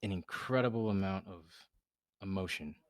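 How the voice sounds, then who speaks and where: Deep-voiced male podcast co-host, earnest and halting, dry close mic. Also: no echo. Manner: earnest, halting, many fillers. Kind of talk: casual chat.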